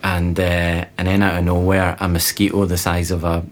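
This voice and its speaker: A man, a guest on an interview podcast, telling lively travel anecdotes in a casual way with laughing asides. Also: low voice, moderate pace. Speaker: interview guest, presenter and explorer. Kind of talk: casual storytelling.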